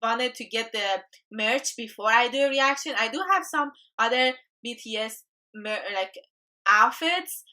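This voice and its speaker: A woman's voice: on the high side, measured pace, pushed and bright. A young woman reacting to a music video as a YouTube host, chatty and gushing with emotion.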